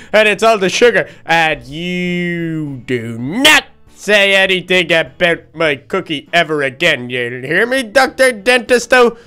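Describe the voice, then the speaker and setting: Man doing a high, bright cheeky baby duck. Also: clean tone, full character voice. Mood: rambling. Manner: excitable, rambling, stammers. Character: cheeky young boy duckling, excitable and boastful. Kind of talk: Minecraft role-play voice acting.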